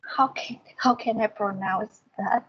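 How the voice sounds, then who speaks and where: A woman's voice: mid-range voice, fairly even intonation, unhurried, husky, dull audio. A woman with a Vietnamese accent, a student in an English lesson, reading her answers aloud hesitantly and carefully repeating words after her teacher.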